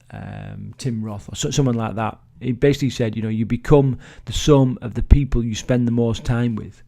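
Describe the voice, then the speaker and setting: A middle-aged man teaches a business mindset in a loose, chatty way, swearing freely and restarting his sentences as he goes. His voice is gravelly and dark, sitting at an ordinary pitch. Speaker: business trainer. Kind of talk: motivational teaching talk.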